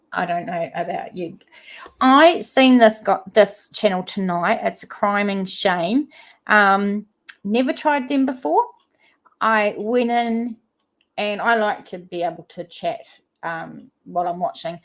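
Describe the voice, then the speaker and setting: A woman from New Zealand with a New Zealand accent, hosting a casual livestream chat and reading viewer comments aloud. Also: mid-range voice. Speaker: livestream host.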